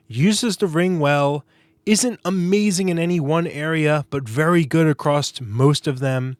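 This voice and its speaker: A man with a slightly raised pitch talks through his predictions in a casual, opinionated way, sliding into wry sarcasm. The sound is dry and close, with no room around it. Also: no room sound. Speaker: boxing podcast host.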